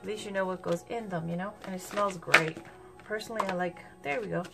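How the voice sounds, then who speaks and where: A woman giving a casual tarot reading, talking in a chatty, unhurried way and thinking aloud as she goes. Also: on the low side, vocal fry. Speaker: tarot reader. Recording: music playing underneath.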